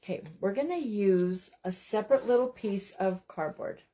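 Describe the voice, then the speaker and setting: A woman's voice: mid-range voice, normal speed, mellow. Woman, crafting livestream host; casual, chatty, self-deprecating, keeps addressing viewers directly.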